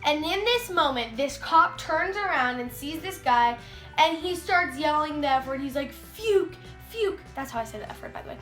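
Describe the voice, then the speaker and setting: A teenage girl tells a story in a casual vlog, her voice high, slightly bright, and moving at a moderate pace. She chats away, says "like" constantly, and acts out the quotes. The room is echoey, with faint music in the background.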